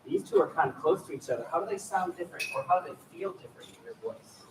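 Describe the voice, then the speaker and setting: A man coaches a student choir, his voice high and animated as he demonstrates different vocal sounds. He is heard from across a large echoey hall, with noise in the recording. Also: fast talker. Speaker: choir clinician. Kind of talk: choir rehearsal instruction. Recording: echoey room, mic far off, noisy.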